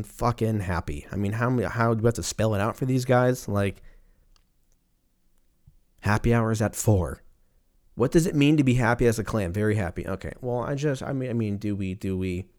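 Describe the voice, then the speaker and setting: A young man riffs through a rambling comedic monologue, cursing freely and dropping into quick goofy voices for imaginary people. His pitch swings all over the place as he talks. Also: darkish tone. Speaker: podcast host.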